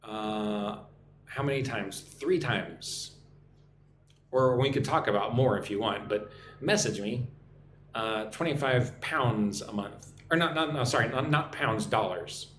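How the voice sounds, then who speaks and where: An American man leads a live-streamed English lesson at a slow, deliberate pace, spelling out and repeating phrases for learners to shadow. His voice sits at an ordinary middle pitch. It is recorded on a computer mic in an echoey room with faint noise underneath. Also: fairly bright tone. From United States. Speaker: online English teacher.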